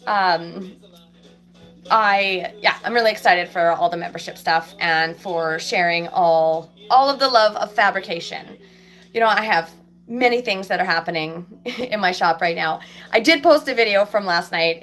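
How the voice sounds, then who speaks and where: A woman's voice: mid-range voice, fairly bright tone. A woman in her thirties or forties, a fabricator and vlogger, chatting casually to viewers from a small office in her workshop; she sounds stuffy from a cold and rambles with many ums. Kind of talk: casual live chat to viewers. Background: faint country music playing.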